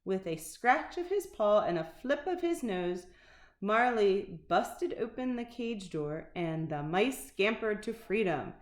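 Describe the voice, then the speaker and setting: A woman reading a children's picture book aloud with expressive, unhurried storytelling. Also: medium pitch. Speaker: narrator. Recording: roomy echo.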